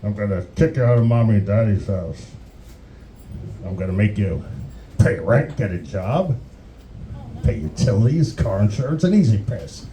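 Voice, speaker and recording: A man voicing a menacing slasher who lectures spoiled grown kids in a low growl. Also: expressive, normal speed, long pauses, dark tone, distant mic, a little hiss or hum, lightly acted. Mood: scolding. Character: menacing dream-stalking slasher, scolding adult children.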